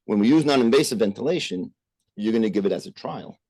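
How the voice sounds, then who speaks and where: A man with a low, mellow voice lectures on medicine to a remote audience. He explains step by step, dropping in "uh" and asking "right?" to check along. The sound is close and dry. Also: lively intonation, fast talker, no room sound. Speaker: physician lecturer. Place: remote presentation over a call.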